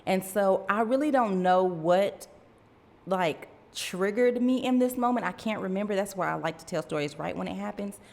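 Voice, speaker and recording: A woman's voice: mid-range voice, normal speed, vocal fry, a little mellow, big-room sound. A woman in her thirties hosting a faith podcast, telling a personal story in a chatty way, talking straight to her listeners and laughing at herself. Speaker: podcast host.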